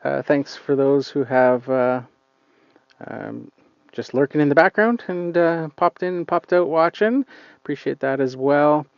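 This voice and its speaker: A man's voice: on the high side, measured pace, creaky, clear, resonant tone, no room sound, highs cut off. A man hosting a casual live stream outdoors, rambling and hesitant with lots of fillers, talking into a phone. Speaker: lawn care channel host. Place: outdoors on a client's lawn.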